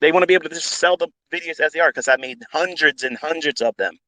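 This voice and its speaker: A man's voice: on the high side, fast talker, pushed and bright, no echo, low-quality recording. A man talking off the cuff as a trading educator, blunt and combative, swearing freely and repeating himself for emphasis. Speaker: trading educator on a live audio space. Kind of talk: unscripted profane rant.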